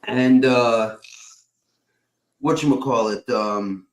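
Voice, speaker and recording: A man hosts a stream, rambling in casual chat, swearing constantly, and filling gaps with "uh" and "whatchamacallit." His mid-range voice stays steady in tone, and he speaks slowly.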